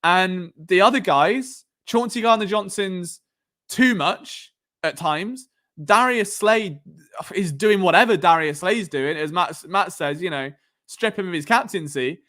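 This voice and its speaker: A young man with a southern English accent hosts a casual live stream, chatting through his thoughts at length. He rambles, often stops to restart sentences, and leans on fillers, and his voice sits a little high for a man. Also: expressive, a little slow, a bit bright. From England. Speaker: podcast host.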